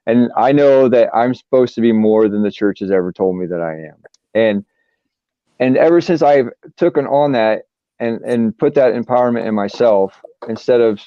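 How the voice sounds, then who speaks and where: A man's voice: mid-range voice, no room sound. A man on a video call, speaking humbly and reflectively and often repeating himself. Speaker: panel member. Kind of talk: casual group chat on a call. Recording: dull lo-fi call audio.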